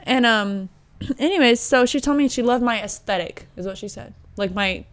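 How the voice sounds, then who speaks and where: A young woman hosts a podcast and tells a long story in relaxed, casual chat. She talks in an animated way and breaks into laughter now and then. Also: on the high side, normal speed. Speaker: podcast host.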